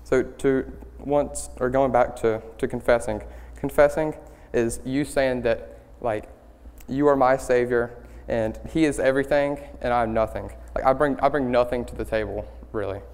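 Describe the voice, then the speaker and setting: A young man giving a student-led sermon, earnest and halting, with many ums and restarts. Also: medium pitch, steady tone, darkish tone, clear, resonant tone. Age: young adult. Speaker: student speaker leading worship. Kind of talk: church sermon. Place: church sanctuary. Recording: hall reverb in a church.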